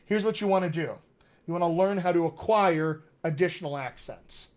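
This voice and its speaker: Upbeat man, slightly high voice. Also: moderate pace, darkish tone. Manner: upbeat and encouraging, reads out viewer comments. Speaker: dialect coach hosting a live Q&A. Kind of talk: casual live-stream chat.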